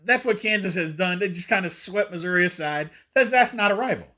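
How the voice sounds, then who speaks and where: A man's voice: high voice, a little fast, sharp tone. A man from Indiana hosting a sports talk show, giving emphatic opinions and now and then putting on voices to mock fans. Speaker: sports podcast host.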